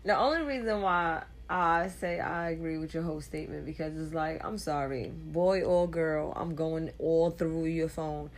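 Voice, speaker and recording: A woman's voice: low voice, moderate pace, few pauses. Blunt, emphatic woman podcast co-host. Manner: blunt, emphatic, laughs easily, swears freely. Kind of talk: casual podcast chat.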